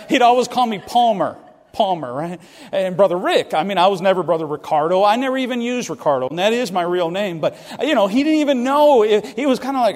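A middle-aged man preaches in a bright, high voice, telling self-deprecating stories with lively energy. He jumps into other people's lines as he tells them. His voice rings with the long reverb of a large church hall. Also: brisk. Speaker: pastor. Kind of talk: sermon storytelling. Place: church sanctuary.

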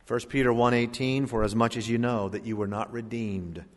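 A man preaching a sermon in a church, building his points with rising emphasis and dramatic pauses. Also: medium pitch, fairly even intonation. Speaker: pastor. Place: church sanctuary. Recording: long hall reverb.

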